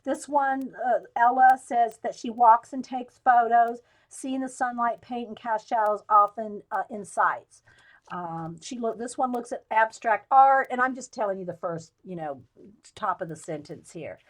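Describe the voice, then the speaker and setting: A chatty woman in her late fifties hosts a live stream, her voice sitting noticeably high. She wanders off on tangents, laughs often at herself, and talks to her viewers as if they were old friends. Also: a little slow. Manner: rambling, digressive storytelling with frequent laughs. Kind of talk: casual live chat.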